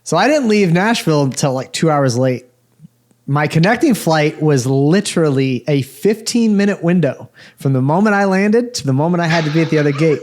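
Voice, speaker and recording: A man co-hosting a podcast, telling a long travel story in an animated, exasperated, swear-heavy way. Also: a little high, a little fast. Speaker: podcast co-host. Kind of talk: casual storytelling chat.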